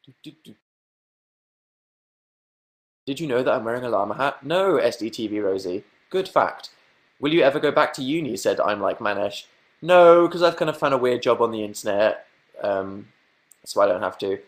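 A man's voice: mid-range voice, expressive, a little fast. A young man with a southern English accent, chatting playfully through viewer questions on a livestream from his room. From southern England. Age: young adult. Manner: playful, self-mocking, bursts into silly sing-song noises. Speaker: livestream host. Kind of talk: casual livestream chat answering viewer questions.

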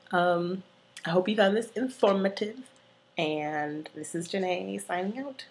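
A young adult woman vlogging in a chatty, animated and frank way. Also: medium pitch, unhurried. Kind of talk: casual chat.

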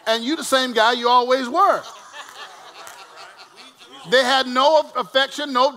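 High bright-voiced man preaching a sermon. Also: measured pace, long pauses. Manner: swings from loud preaching to quiet storytelling, calls to the congregation. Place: church with congregation responding.

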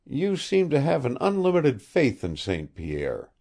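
A man's voice: medium pitch, wildly swooping pitch, measured pace, vocal fry, darkish tone, voice pushed up, heavily acted. A man reading the part of a young law officer, speaking firmly and with authority. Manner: firm, commanding. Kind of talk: audiobook character reading.

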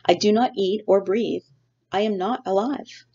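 A woman voicing a calm, literal robot mother. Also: mid-range voice, breathy edge, pitched above the performer's own voice. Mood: patient. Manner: formal, measured, no contractions. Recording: dull lo-fi recording.

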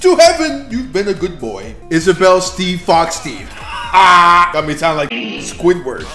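A man giving excited gameplay commentary as a YouTuber, trash-talking and swearing, dropping to mutters and then bursting into shouts. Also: a little high, unhurried, roomy sound, faint music behind. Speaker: gaming YouTuber.

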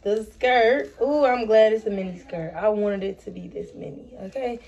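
A woman's voice: mid-range voice, normal speed, creaky, darkish tone, highs cut off. A woman vlogging in casual chat, talking to her viewers directly as she unpacks and shows off purchases. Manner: chatty, talks to viewers as y'all.

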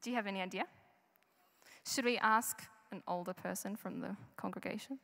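A woman's voice: mid-range voice, a little fast, vocal fry, a bit bright. A young woman giving a chatty children's talk in a church service, asking the audience questions. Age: young adult. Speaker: children's story presenter. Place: large church hall. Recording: live church recording with long reverb.

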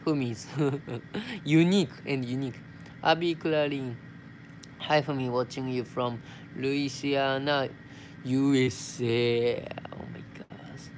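Young japanese guy with a japanese accent, slow and easygoing, reading out chat comments on a live stream, mid-pitch voice. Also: steady tone, a little hiss or hum. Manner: reads messages aloud, replies in simple English with Tagalog words. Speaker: vlogger.

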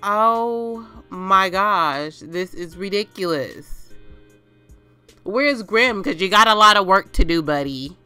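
A woman with a bright, clear voice hosts a let's play, reacting to the game with dramatic exclamations. She takes her time, speaking at an unhurried pace, with faint music playing underneath. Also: mid-range voice, animated. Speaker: gaming channel host.

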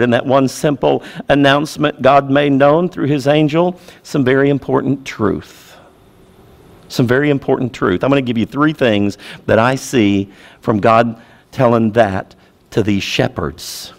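A man preaching a sermon as pastor, repeating key phrases and swinging between loud urgency and quiet, low emphasis. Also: measured pace, creaky.

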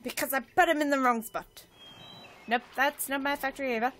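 A woman chatting through a video game, self-mocking, with sudden excited cries. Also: high-pitched, fairly quick, soft background music. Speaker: let's play gamer. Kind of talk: casual gameplay commentary.

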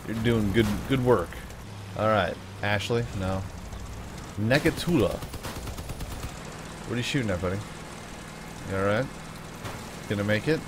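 A young man chatting through his own gameplay in an upbeat manner, breaking into whoops and yells when the fighting starts. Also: on the low side, a little slow, long pauses, noisy background. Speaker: gaming YouTuber. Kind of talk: let's play commentary.

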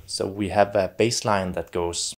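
A man teaching piano and calmly explaining how voices in chords move, with frequent small fillers. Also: low voice, a little slow. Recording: talk over loud piano music.

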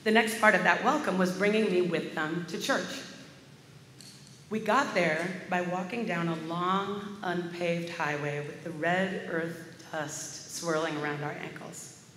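Woman minister, storytelling sermon, bright voice, long church reverb. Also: fairly low pitch, fairly even intonation, a little slow, slight background noise. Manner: warm storytelling, vivid personal anecdote. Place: large church sanctuary. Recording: echoey hall with faint ambience.

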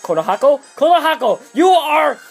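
Young man, hyper let's play commentary, high voice, lively swooping pitch, swears a lot. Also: normal speed, creaky, faint music behind. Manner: hyper, excitable, swears a lot, shouts in glee.

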